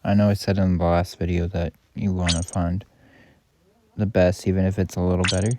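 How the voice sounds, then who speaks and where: A man's voice: sits low, little pitch movement, fairly quick. A man giving casual, rambling commentary on his own game, correcting himself as he goes. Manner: rambling, self-correcting, offhand. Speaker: gaming YouTuber. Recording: loud background noise.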